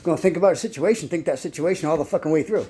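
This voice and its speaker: A man's voice: on the high side, very fast, warm tone. A man telling his life story in a rambling, casual monologue, swearing constantly and often stumbling and repeating words as he restarts his sentences. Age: adult.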